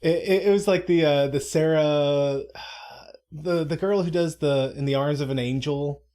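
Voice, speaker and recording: A man's voice: fairly high pitch, a little slow, warm tone. A man co-hosting a live stream, rambling casually with self-interruptions and mock-dramatic asides. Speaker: stream co-host. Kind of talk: casual live commentary chat.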